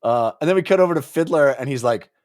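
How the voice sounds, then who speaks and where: A man co-hosting a podcast, chatting excitedly about a book and acting out its characters' lines. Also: a little high, quick pace. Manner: excitable, acts out quotes in voices. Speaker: podcast co-host. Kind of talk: casual book discussion.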